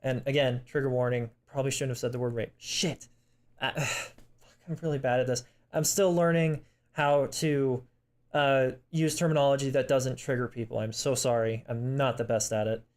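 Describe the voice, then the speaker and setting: A young man talking in a personal vlog, emotional and close to tears, halting with many restarts, apologizing and swearing. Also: mid-range voice, steady tone, darkish tone. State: emotional, tearing up. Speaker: vlogger.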